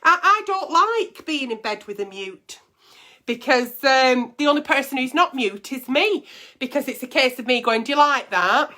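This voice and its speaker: A woman's voice: high voice, animated, normal speed, sharp tone. A middle-aged woman hosting a casual advice chat, reading listener letters and answering them bluntly with plenty of swearing.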